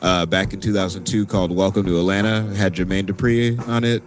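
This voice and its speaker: A man hosting a podcast in a relaxed, playful chat, with many fillers. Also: low-pitched, brisk, music in the background. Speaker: podcast host. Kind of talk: casual chat.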